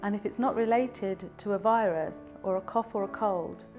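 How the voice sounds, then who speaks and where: A woman, a speech and language therapist, explaining voice problems in a calm, clear and measured way. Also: medium pitch, faint music behind. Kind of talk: explanatory educational talk to camera.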